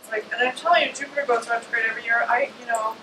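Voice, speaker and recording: A chatty, animated woman gives an informal talk on astrology to a live audience, in a slightly high voice. She is picked up from a distance in an echoey room. A steady air-conditioning hum runs underneath. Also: racing.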